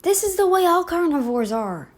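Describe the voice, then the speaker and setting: A woman's voice: very high-pitched, sing-song, normal speed. A woman giving a casual reaction commentary, arguing emphatically back at a video she is watching. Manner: emphatic, argumentative, talks back to the clip.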